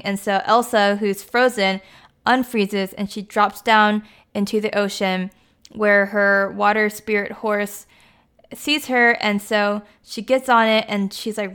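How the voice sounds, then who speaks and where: A woman with a smooth, clear voice talks through a recap in an easygoing, chatty way. She leans on "like" and "you know" throughout. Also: mid-range voice, fairly bright tone. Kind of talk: casual plot recap.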